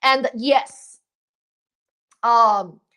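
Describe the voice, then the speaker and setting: A woman's voice: fairly high pitch, very slow, pushed and bright. A young woman chatting on a livestream, rambling with lots of fillers and restarts as she gives dating advice and thanks viewers. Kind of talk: casual livestream chat.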